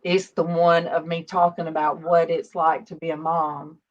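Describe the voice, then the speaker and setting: A woman's voice: deep voice, little pitch movement, normal speed. A woman in her fifties hosting a casual faith livestream, chatty and greeting viewers by name. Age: 50s. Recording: dull lo-fi stream audio.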